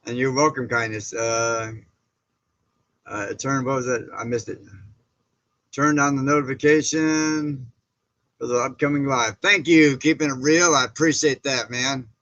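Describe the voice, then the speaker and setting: Bright-voiced man chatting on a livestream. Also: medium pitch, steady tone, unhurried, long pauses, no echo, lo-fi sound. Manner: chatty, greets viewers and reads chat comments aloud; rambling with frequent fillers and restarts. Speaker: livestream host. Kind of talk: casual live-stream chat.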